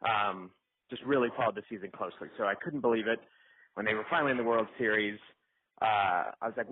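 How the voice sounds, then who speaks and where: A man's voice: fairly low pitch, quick pace. A man leaving a voicemail, casually telling a rambling, self-deprecating story full of fillers. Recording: tinny phone voicemail line.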